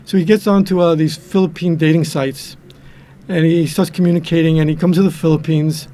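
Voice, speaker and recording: A man's voice: a little high, fairly even intonation, fairly quick, mellow, slight background noise. An older man from the New York and New Jersey area, a guest in a casual chat, telling jokes in a rambling way with many restarts. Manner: rambling, repeats and restarts words, acts out quotes.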